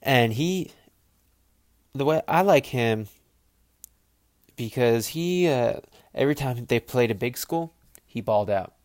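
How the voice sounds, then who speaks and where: Guy rambling about football on his podcast, swears a lot, does little voices for players, dry close mic, middle pitch. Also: slow pace, long pauses, no room sound. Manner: rambling, profane, animated asides with quoted voices. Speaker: podcast host. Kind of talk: casual football commentary.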